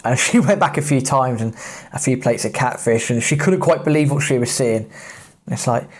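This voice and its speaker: An English man hosting a podcast, telling travel tales in a relaxed, chatty way. He talks animatedly with frequent laughs and plenty of asides. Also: mid-range voice, moderate pace. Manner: lively anecdotal, laughs often. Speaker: podcast host. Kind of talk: casual travel storytelling.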